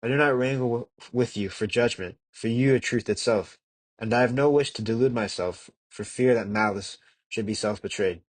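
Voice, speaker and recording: A young man reading a classic religious text aloud as an amateur audiobook narrator, measured and earnest, with occasional slips and restarts. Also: medium pitch, no room sound. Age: young adult. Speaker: audiobook reader.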